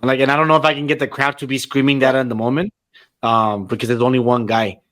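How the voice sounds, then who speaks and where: Excitable, profane man hosting a podcast. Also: mid-range voice, quick pace. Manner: profane, excitable, mixes in Spanish phrases. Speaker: podcast host. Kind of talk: casual chat.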